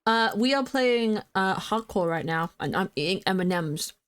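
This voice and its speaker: Chatty young woman streamer, excitable. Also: medium pitch, moderate pace, clean tone. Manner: chatty, rambling, with many fillers and restarts; excitable, squeals greetings to viewers. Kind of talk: casual chat with stream viewers.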